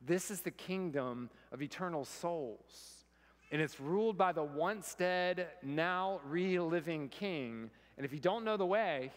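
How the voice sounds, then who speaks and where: A man's voice: fairly high pitch, fairly bright tone. American preacher man, big hall echo. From United States. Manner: storytelling, self-deprecating humor. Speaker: pastor. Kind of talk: sermon. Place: church sanctuary.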